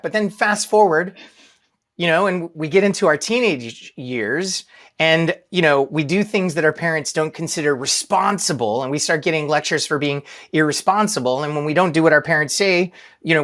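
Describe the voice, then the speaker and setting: A man's voice: a little high, fairly bright tone. A man in his thirties giving a casual leadership talk to a live audience, telling stories with a self-deprecating touch and asking the room questions. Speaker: leadership speaker.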